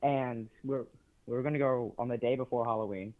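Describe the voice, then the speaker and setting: A teenage male caller telling a story with many pauses and fillers. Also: medium pitch, fairly even intonation. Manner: hesitant, many ums and uhs. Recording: tinny phone line.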